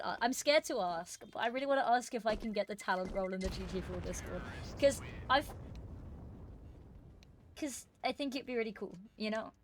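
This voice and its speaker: A woman's voice: mid-range voice, lively intonation, moderate pace, pauses often, a little hiss or hum. A woman casting an esports qualifier on a live stream, chatting casually and rambling with fillers and self-deprecating asides.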